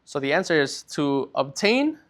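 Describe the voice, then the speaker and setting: A man teaching a recorded Spanish class, explaining things patiently step by step and often checking in with a quick "right?". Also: on the high side, very animated, a bit bright.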